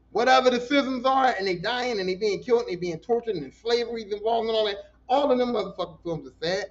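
High-voiced, blunt, profane man. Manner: blunt, profane and animated, with lots of repeated words. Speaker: podcast host. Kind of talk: casual monologue. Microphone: voice message. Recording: dull lo-fi podcast audio.

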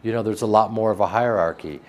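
A man with a flat Midwestern American accent, interviewed about his acting work, joking and self-deprecating with frequent restarts. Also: fairly low pitch, fast talker. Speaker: actor interviewed. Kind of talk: casual interview chat.

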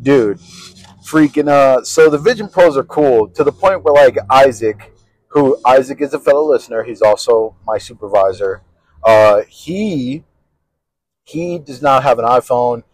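A young man co-hosting a casual podcast with easygoing, slangy banter. His voice sits at an ordinary middle pitch and is recorded dry and close. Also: lively intonation, a little slow, darkish tone, no room sound, poor audio. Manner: laid-back slangy banter. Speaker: podcast co-host. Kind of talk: casual chat.

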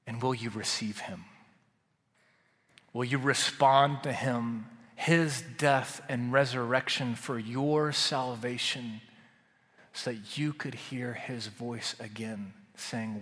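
A man preaching a sermon as a pastor, slow and deliberate, rising to fervent swells and dropping to hushed, quiet lines. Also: medium pitch, fairly even intonation, long reverb tail.

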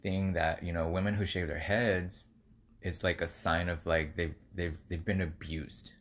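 A man's voice: deep voice, little pitch movement, unhurried. A man co-hosting a podcast, rambling casually with lots of fillers. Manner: rambling, many fillers, laughs easily. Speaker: podcast co-host. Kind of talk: casual chat.

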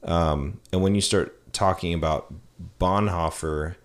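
A man hosting a casual podcast conversation, speaking in a reflective, measured way. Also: sits low, steady tone. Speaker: podcast host.

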